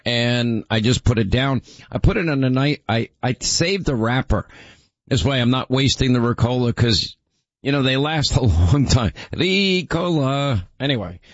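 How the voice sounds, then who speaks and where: A man's voice: mid-range voice, no echo, highs cut off. A man hosting a radio show, chatting casually and rambling, his voice sore from too much talking. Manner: rambling, self-deprecating. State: sore, strained voice. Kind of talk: casual chat.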